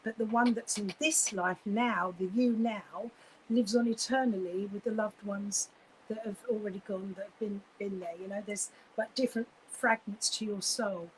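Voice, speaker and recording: A woman's voice: mid-range voice, steady tone, normal speed, slight background noise, rough recording. A woman giving live psychic readings, gushing and effusive, with many fillers and restarts.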